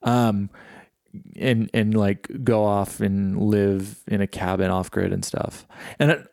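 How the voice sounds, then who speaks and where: A middle-aged man reflecting in a casual solo podcast monologue, halting and full of fillers and restarts. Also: fairly low pitch, creaky, a little mellow, no echo, studio quality. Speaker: podcast host.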